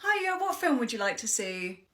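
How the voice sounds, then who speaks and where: A woman's voice: a little high, very animated, moderate pace, pushed and bright. A woman acting out comedy sketches, playing everyday workers and customers.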